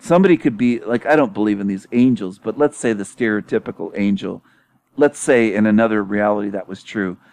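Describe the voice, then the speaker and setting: A man with a low voice talks straight into his own channel in a loose monologue. He is scornful and laughs easily. He swears and repeats himself for emphasis, and his voice has a dry, close sound. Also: a little mellow, no echo. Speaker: YouTube channel host. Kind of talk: casual monologue.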